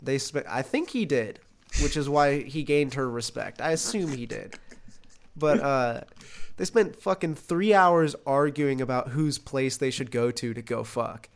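A young man co-hosting a podcast, recounting a wild night in a loose, rambling way. He swears freely and laughs through his own story. His voice sits at an ordinary middle pitch. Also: measured pace. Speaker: podcast co-host. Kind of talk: casual storytelling chat. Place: Los Angeles.

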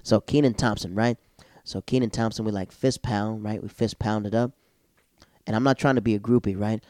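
A stand-up comedian telling a casual comic story, animated and jumping into loud, high-pitched voices when he quotes people. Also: normal speed, dry recording, clean studio sound.

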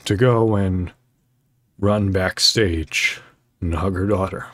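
A man with a low voice hosts his own podcast and talks unhurriedly. He rambles in a heartfelt way, full of ums and restarts. The sound is dry and close, with no room around it. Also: slow pace, a bit bright, no room sound. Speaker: podcast host. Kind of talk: casual solo podcast talk.

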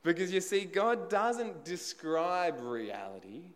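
Lively, conversational male preacher in a reverberant hall. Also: high-pitched, takes it slowly. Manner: conversational, full of rhetorical questions to the congregation. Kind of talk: sermon.

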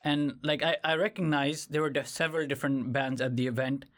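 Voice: mid-range voice, fairly even intonation, brisk. A podcast host interviewing a singer in a casual, filler-heavy way.

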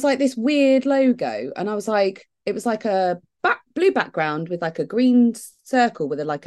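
Animated, giggly podcast woman. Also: medium pitch. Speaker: podcast co-host. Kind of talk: casual chat.

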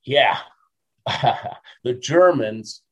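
A man in his fifties, a motivational speaker telling stories as an interview guest, lively, laughing often and ending lines with a quick "right?". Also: mid-range voice. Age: 50s. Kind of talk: storytelling in a casual interview.

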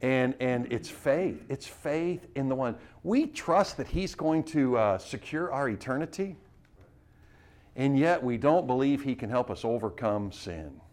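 A man preaching to a missionary class, urging his listeners with rapid rhetorical questions and frequent restarts. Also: medium pitch, lively intonation, darkish tone. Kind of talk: sermon-style teaching.

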